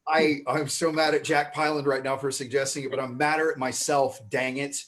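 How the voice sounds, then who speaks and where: A man's voice: mid-range voice, level tone, fairly quick, fairly bright tone. A man hosting an online improv comedy show, introducing the cast with rambling, filler-laden banter over a video call. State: mouth full of marshmallow. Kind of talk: livestream host banter.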